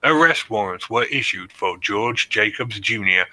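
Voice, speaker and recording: A man's voice: fairly low pitch, animated, measured pace, pushed and bright, dry recording, low-quality recording. A man co-hosting a podcast, reading out history notes and joking between the facts. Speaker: podcast co-host presenting research. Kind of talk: casual chat reading notes.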